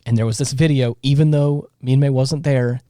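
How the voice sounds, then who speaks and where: A man co-hosting a podcast, recapping a film in casual chat with animated, ranting energy. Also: medium pitch, moderate pace, a little hiss or hum. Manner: animated, ranting, breaks into exasperated laughs. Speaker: podcast co-host.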